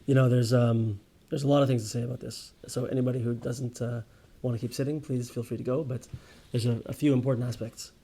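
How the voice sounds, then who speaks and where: A man of middle pitch leads a relaxed Torah class and talks like a storyteller. He restarts his sentences, tags them with "right?" and speaks at an everyday pace. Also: fast talker, few pauses, slightly rough. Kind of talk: casual spoken Torah class.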